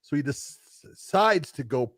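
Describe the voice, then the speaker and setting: A man's voice: fairly high pitch, moderate pace, dry recording, clean studio sound. A man co-hosting a podcast, telling a story in casual chat, laughing as he talks and acting out the quotes. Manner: animated storyteller, laughs mid-sentence, acts out quotes. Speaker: podcast co-host.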